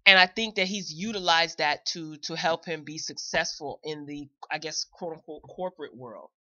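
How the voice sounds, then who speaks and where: A woman hosts a live commentary show, chatting directly to her viewers and repeating phrases for emphasis. Her low voice is pushed and bright at a moderate pace. The recording is dry with the highs cut off.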